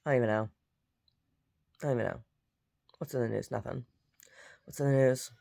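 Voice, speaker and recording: A woman's voice: very deep voice, brisk, creaky, dark tone. A woman vlogger chatting casually and meandering, repeating words and muttering asides to herself. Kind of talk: casual rambling chat.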